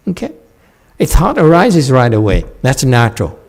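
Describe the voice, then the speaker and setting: A man's voice: mid-range voice, huge pitch swings, moderate pace, darkish tone. A man giving a meditation dharma talk and answering questions. He laughs often and keeps checking in with "okay?". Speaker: Chan meditation teacher.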